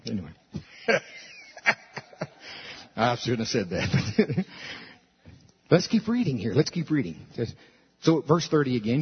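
Husky male pastor preaching. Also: mid-range voice, takes it slowly, pauses often. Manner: animated, swinging from loud to soft, with laughs. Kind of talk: sermon. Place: church service. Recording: dull lo-fi recording.

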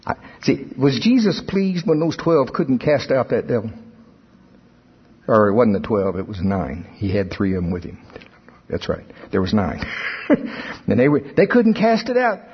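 A middle-aged preacher, delivering an animated sermon that rises into emphatic outbursts. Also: male voice, mid-range voice, moderate pace. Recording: husky voice in a long-reverb hall, dull sound.

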